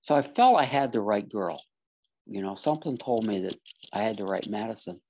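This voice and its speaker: A man's voice: on the low side, lively intonation, fairly quick, a little mellow, a little hiss or hum. A man earnestly telling a personal story in casual talk, acting out the other people's lines as he goes. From Florida. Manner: earnest storyteller, acts out quoted dialogue.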